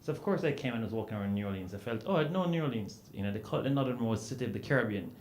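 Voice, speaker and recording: A man from Jamaica with a Jamaican accent, telling anecdotes as a panelist, animated and full of "you know" fillers. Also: fairly low pitch, rapid-fire. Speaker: panelist author. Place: event hall at a book festival panel. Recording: roomy hall sound with faint noise.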